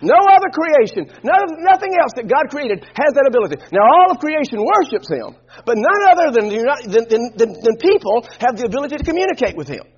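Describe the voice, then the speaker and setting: A man preaching a sermon, leading the congregation in call-and-response and swinging between quiet asides and shouted emphasis. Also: very high-pitched, very animated, fast talker, slightly rough, muffled recording.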